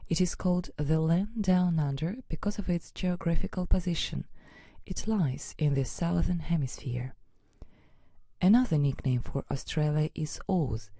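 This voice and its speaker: A woman reading a scripted educational narration in an even, measured way. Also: sits low, no room sound.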